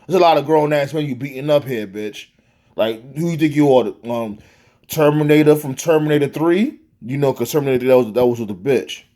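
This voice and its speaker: A man's voice: mid-range voice, a little fast. A man giving a profane, exasperated rant reviewing a wrestling match. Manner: animated, swearing, exasperated.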